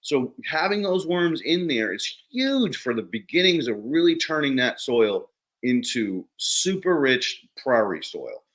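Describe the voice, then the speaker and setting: A man hosting a podcast in a casual interview chat, an animated storyteller who acts out the people in his anecdotes. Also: mid-range voice, measured pace, poor audio. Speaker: podcast host.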